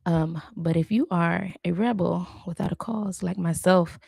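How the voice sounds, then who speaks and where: Slow, gravelly-voiced woman practicing aloud. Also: lowish voice, fairly even intonation, mellow, no echo, clean studio sound. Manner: chatty, self-correcting, repeats words aloud. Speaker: language learner hosting a live stream. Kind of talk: casual live study session.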